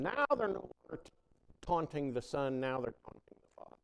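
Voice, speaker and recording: A man's voice: very animated, brisk, gravelly. Man preaching a dramatic sermon in a hall. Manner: dramatic swings from loud, high scripture reading to hushed low reflection. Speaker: pastor.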